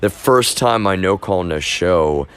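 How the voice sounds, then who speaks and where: A man with a very low voice talks straight to his stream, unscripted and loose. He circles back and restarts his sentences often, pressing the same point over and over. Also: lively intonation, measured pace, a bit bright, smooth. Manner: rambling, with many restarts and repeated phrases; insistent, keeps stressing his point. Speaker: livestreamer. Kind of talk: casual unscripted monologue.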